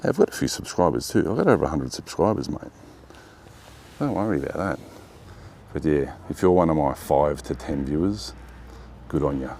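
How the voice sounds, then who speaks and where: A man's voice: rumbling low, animated, moderate pace, gravelly, pauses often, dark tone, a little hiss or hum. A man, chatting casually to the camera as he parks his car and films it, self-deprecating and talking to himself. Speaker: car vlogger. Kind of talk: casual vlog narration. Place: in a parked car, then outside beside it. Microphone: handheld camera.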